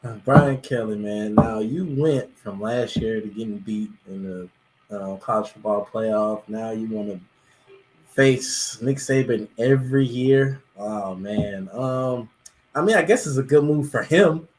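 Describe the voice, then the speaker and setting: A man's voice: fairly low pitch, a little slow, a little mellow, slight background noise, low-quality recording. A man on a sports talk panel, chatty and emphatic as he gives his opinions. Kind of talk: casual sports debate.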